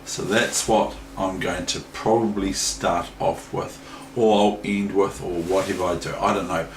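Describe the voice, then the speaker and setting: A man with a New Zealand accent rambles through a casual chess lesson, hesitant and unstructured. He speaks slowly in a lowish voice. The room is echoey with faint noise. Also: steady tone. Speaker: chess teacher.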